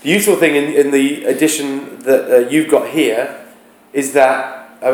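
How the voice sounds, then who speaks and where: A man teaching a class, talking haltingly, searching aloud for words and chanting rhythms to show them. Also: medium pitch, a little mellow. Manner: demonstrates rhythms by chanting beats. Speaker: English teacher. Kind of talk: classroom explanation of a play. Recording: roomy, echoey classroom.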